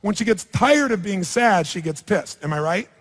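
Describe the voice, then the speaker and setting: In a large hall with an audience, a man with a high-sitting, slightly bright voice and lively intonation leads a live seminar at normal speed. He coaches a participant in front of the crowd, blunt and provocative, swearing freely. A long hall reverb is audible.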